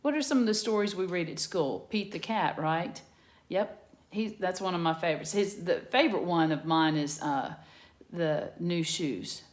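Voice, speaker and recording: A woman teacher giving a patient phonics lesson to young children from her home garage, sounding out letters slowly. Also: fairly low pitch, reverberant.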